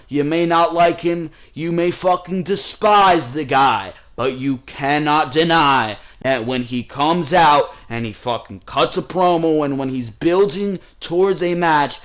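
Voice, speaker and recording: Man, wrestling-review host, heated profane rant, slightly high voice, casual. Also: fairly bright tone. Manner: profane, heated ranting, often says bro.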